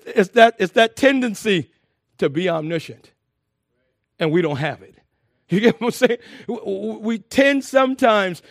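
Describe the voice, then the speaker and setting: A man preaching a sermon to a congregation, lively and emphatic, with frequent laughs and repeated phrases. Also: sits high, no echo, studio quality.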